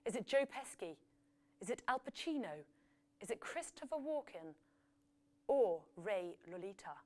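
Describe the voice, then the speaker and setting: A woman's voice: medium pitch, very animated, measured pace. A woman hosting a live quiz, reading out questions and results with chatty, jokey asides. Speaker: quiz host.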